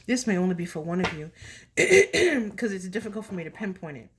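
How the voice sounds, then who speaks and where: A chatty woman reads tarot cards for her viewers in a loose, emotional way and slips the odd Spanish word into her talk. Her voice sits at a middle pitch, and a faint hiss runs under the recording. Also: sing-song, fairly quick. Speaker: tarot reader. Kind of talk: casual tarot reading to viewers.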